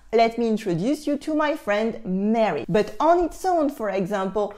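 French-accented woman, language teacher, playful and lively, slightly high pitch. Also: moderate pace, few pauses. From France. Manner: lively, playful, explains with exaggerated examples. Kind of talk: online language lesson.

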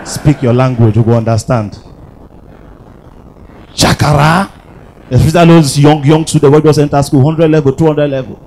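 A male stand-up comedian with a Nigerian Pidgin accent, telling jokes on stage and dropping from low asides into shrill mock voices. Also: dark tone, a little hiss or hum, low-quality recording. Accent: Nigerian Pidgin English. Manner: switches between low mutter and shrill mock-female squeals. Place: stage with live audience.

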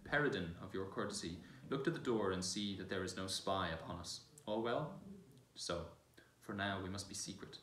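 A man's voice: deep voice, moderate pace, hardly any pauses, fairly bright tone. A man voicing a grave, stern young king who speaks in formal, old-fashioned phrases, in a roomy church from far off.

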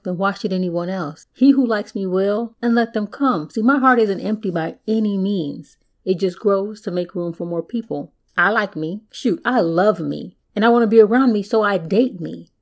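A sassy woman chatting through her own solo podcast. Her voice sits low and carries a gravelly fry, and she talks in a playful, conversational way full of slang asides. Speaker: podcast host. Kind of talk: casual solo podcast monologue.

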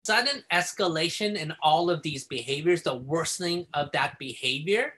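Bright, animated male teacher. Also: on the high side, normal speed, breathy edge. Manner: animated, casual, acts out examples. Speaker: behavior therapy supervisor. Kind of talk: explanatory video lesson.

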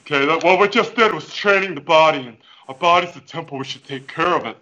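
A man's voice: on the high side, quick pace, bright, forceful tone, low-quality recording. A man playing a goofy, overconfident fitness coach who also preaches, with hammy, over-the-top motivational patter over a video call. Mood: preachy. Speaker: fitness guest. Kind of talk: comic character interview over video call. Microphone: headphones with mic.

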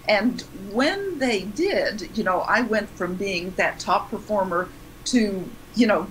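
Middle-aged woman explaining calmly. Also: mid-range voice, a little hiss or hum, low-quality recording. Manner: explanatory, conversational. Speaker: guest speaker on dementia. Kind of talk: interview answers.

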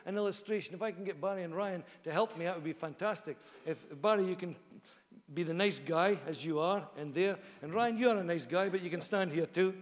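Male pastor, high voice, earnest repetitive sermon delivery, long church-hall reverb. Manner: earnest, repeats key phrases for emphasis.

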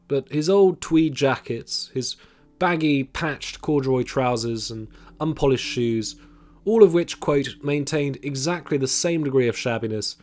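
A man with a fairly high, slightly mellow voice delivers scripted documentary narration about history. He's measured and reads quotations aloud, with faint music playing behind him.

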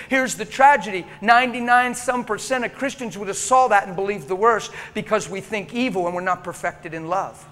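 Male preacher, high-pitched, passionate storyteller, hushed to loud, echoing church hall. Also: brisk, few pauses. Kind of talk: sermon.

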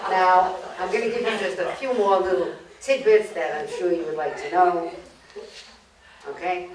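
A woman from Brooklyn telling jokes to an audience, her voice a bit low and caught from some distance. The room rings noticeably around her, with a faint hiss underneath. She chuckles between punchlines. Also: a bit bright. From Brooklyn, New York. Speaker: humorous speaker. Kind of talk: comic lecture telling jokes. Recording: roomy, distant mic, faint noise.

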